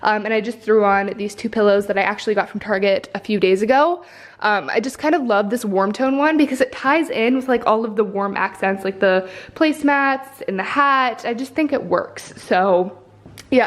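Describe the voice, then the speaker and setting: A young woman vlogging a casual apartment tour, chatty and upbeat, filming on a handheld camera as she walks through her rooms at home. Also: medium pitch.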